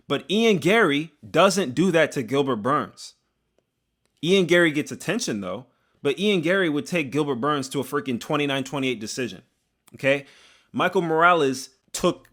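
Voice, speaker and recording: A young man, an MMA commentator, giving an animated, jokey opinion vlog that talks straight to the fighters. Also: mid-range voice. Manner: animated, hyped, jokey, addresses fighters directly.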